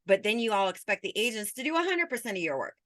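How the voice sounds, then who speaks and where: A woman's voice: medium pitch, sing-song, quick pace, a bit bright, no room sound. A woman hosting a casual interview, talking in a direct, frank way with casual cursing.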